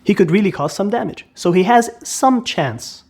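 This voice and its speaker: A man's voice: sits high, lively intonation, moderate pace, darkish tone. A man explaining an idea emphatically, asking rhetorical questions and repeating key words for stress. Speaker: educator. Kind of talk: explanatory commentary.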